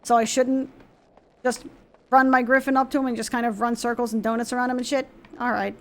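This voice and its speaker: A woman's voice: fairly high pitch, flat delivery, brisk. A woman streaming a video game, reading character dialogue aloud and adding playful, sarcastic, swearing commentary.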